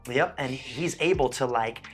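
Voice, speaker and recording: A man hosting a music reaction, talking in an excited, emotional way. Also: moderate pace. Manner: animated, emotional, jumps in pitch.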